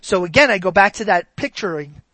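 A preacher giving a sermon, animated and asking the congregation rhetorical questions. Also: mid-range voice, brisk, no echo, poor audio.

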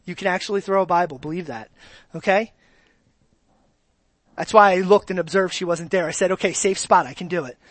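This sermon comes from a pastor whose medium-pitched voice runs a little fast and pauses often. He is animated, moving from quiet remarks to loud exclamations and questioning the congregation directly.

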